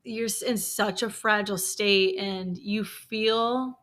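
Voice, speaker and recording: Speaking slowly in a medium-pitched, fairly bright voice with fairly even intonation, this podcast co-host is open and emotional. Her frank, conversational talk is full of "like," and she swears now and then.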